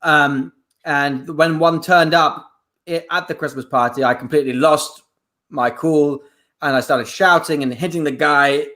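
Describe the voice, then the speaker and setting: A man performing in an improvised comedy scene, with a bright, tense and fairly high voice. He stumbles through a mock apology with many pauses. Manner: mock-apologetic, bursting into shouts.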